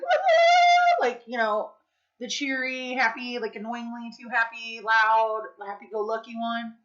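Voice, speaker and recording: A woman's voice: fairly high pitch, sharp tone, muffled recording. Frank, swearing woman vlogger. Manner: candid, swears a lot, says "like" and "dude" often. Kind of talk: casual confessional chat. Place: Las Vegas.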